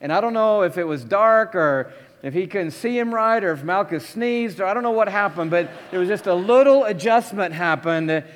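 High-voiced pastor preaching in a big hall. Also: male voice, normal speed. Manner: animated storytelling, swings from hushed to loud. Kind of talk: sermon. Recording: long hall reverb.

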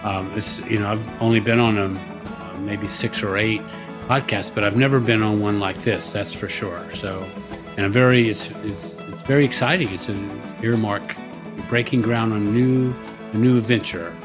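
A man's voice: fairly low pitch, fairly even intonation, normal speed, over music. An older man, a podcast guest and business coach, telling family stories in a rambling, casual way with many restarts and fillers. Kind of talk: casual storytelling.

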